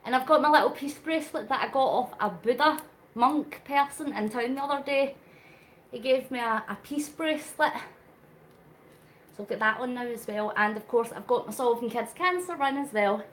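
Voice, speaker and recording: Pedaling an exercise bike for a live charity cycle, a vlogger chats earnestly and emotionally to her stream, a bit out of breath, greeting viewers by name and reading their comments aloud. Her voice is on the high side and a bit bright, at a moderate pace, with slight background noise.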